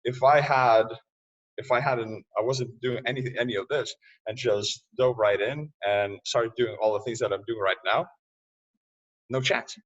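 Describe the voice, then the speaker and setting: A man speaking as a podcast guest in casual interview talk, loose and quick to laugh, often restarting his sentences. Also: mid-range voice, steady tone. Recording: distant, muffled remote audio.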